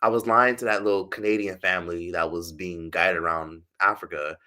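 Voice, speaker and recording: Low-voiced, profane streamer man. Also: fairly even intonation, fairly quick, sharp tone. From United States. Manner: profane, chatty, rambling. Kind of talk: casual livestream storytelling.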